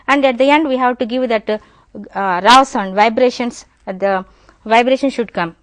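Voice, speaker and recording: A woman's voice: fairly high pitch, a bit bright, no room sound. A woman teaching pronunciation, repeating each word several times and explaining to her students. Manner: slow drilling repetition of words; addresses students directly, explanatory. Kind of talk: classroom pronunciation lesson.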